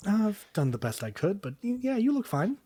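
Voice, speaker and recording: A man's voice: sits high, sing-song, moderate pace, warm tone, slightly rough, pitched above the performer's own voice, full character voice. A man doing a flustered, dutiful cleric. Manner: flustered, apologetic. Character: nervous, dutiful male cleric companion.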